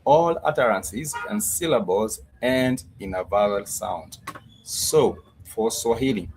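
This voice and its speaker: A man with a lowish voice leads an online language lesson. He is patient and repetitive, going over each word slowly with plenty of "uh"s, and a faint hum sits behind him. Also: lively intonation, darkish tone, rough recording. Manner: patient, repetitive, drills words slowly with many fillers. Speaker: Swahili teacher.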